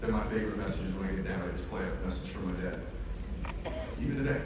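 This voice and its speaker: Booming arena speaker, echoing far off. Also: male voice, steady tone, fast, noisy background. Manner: emphatic, repeats lines for weight. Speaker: motivational speaker. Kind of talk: arena keynote speech. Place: large arena. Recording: echoey arena, far from the mic.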